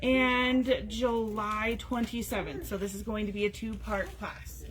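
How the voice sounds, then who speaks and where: A woman's voice: on the high side, fairly even intonation, a little slow, fairly bright tone. A woman hosting a casual live video for a sewing store, chatty and full of fillers as she reads out class details. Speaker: sewing store staff host. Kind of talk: casual live-stream announcements.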